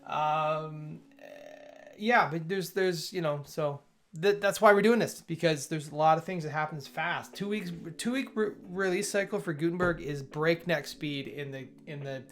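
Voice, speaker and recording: A livestream host goes through software updates, reading changelog entries out loud, saying hello to viewers in chat, and rambling while often correcting himself. He has a fairly high, fairly bright voice and a moderate pace.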